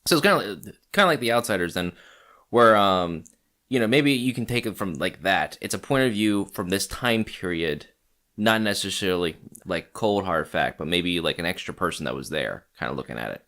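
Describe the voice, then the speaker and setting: A man's voice: low voice, animated, moderate pace, fairly bright tone. A man co-hosting a podcast in casual chat, joking, swearing and laughing often. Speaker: podcast co-host.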